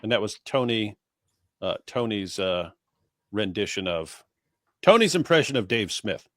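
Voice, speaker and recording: A man's voice: fairly low pitch, expressive, unhurried, no room sound, clean studio sound. A man co-hosting a casual stream, rambling with many fillers and restarts. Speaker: co-host.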